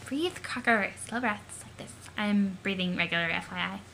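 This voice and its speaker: A woman voicing a prim teenage girl with a flat, easily exasperated delivery. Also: fairly low pitch, brisk, vocal fry, voice pushed down. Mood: dry.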